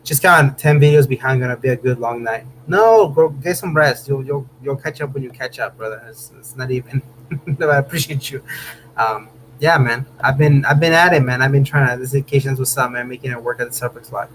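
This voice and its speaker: A man's voice: medium pitch, fairly even intonation, fairly quick, fairly bright tone, low-quality recording. Casual male streamer from Southern California, easygoing and chatty, faint hum under the voice. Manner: laid-back, chatty, says "man" and "bro" a lot, bursts of laughter. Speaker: host of a car channel livestream. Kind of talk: casual live-stream chat reading viewer comments. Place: home room.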